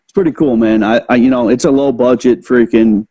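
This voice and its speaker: A man's voice: mid-range voice, fairly even intonation, fairly quick, warm tone, highs cut off. A man hosting a casual chat, laid-back and saying "dude" and "man" a lot. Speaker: podcast host.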